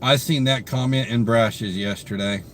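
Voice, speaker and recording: A young man chats through his live stream, worn out and yawning, reading viewer comments aloud and greeting them by name. His talk rambles with plenty of fillers, in an everyday mid-pitched voice. A faint hiss sits under the desk-mic recording. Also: normal speed, fairly bright tone. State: tired, yawning. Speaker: livestream host.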